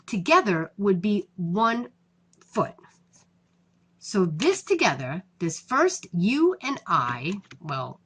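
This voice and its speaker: A woman explains poetry in a slow, lively lecture, her pitch rising and falling as she walks through each step. Her voice is somewhat husky, and her manner stays patient throughout. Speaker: teacher.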